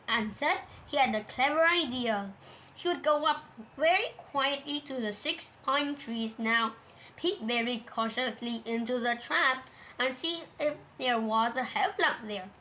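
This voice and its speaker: A woman reading a children's storybook aloud in a gentle, measured way. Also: sits high, a little hiss or hum, low-quality recording.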